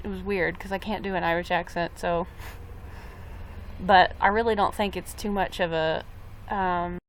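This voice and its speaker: A young woman talks casually to her live-stream viewers in a slightly low voice. She rambles from thought to thought and reads out their comments as she goes. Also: a little hiss or hum. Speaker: livestreamer.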